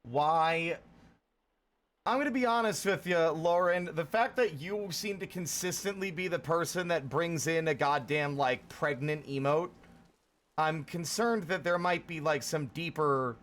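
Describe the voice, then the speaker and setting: A man's voice: a little high, a little slow, a bit bright. A man casually chatting with his live-stream audience while playing a game, wry and rambling. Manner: wry, rambling, talks to chat.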